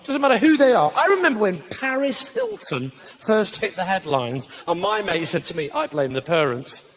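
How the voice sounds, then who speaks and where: A middle-aged man with a Northern English accent doing live stand-up comedy in a theatre, bantering with the audience and breaking into loud outbursts. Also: sits high, very animated, normal speed. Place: theatre stage.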